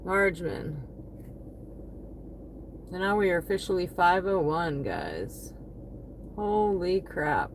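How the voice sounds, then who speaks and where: A woman's voice: fairly low pitch, lively intonation, takes it slowly, pauses often, a little hiss or hum. A woman chatting casually on a livestream, thanking her viewers one by one by name. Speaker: livestreaming delivery driver.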